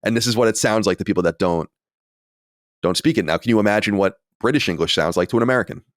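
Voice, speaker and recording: A man's voice: on the low side, quick pace, no room sound, clean studio sound. A man in his late thirties or forties hosting a podcast, chatting in a casual, self-deprecating way. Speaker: podcast host. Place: home studio.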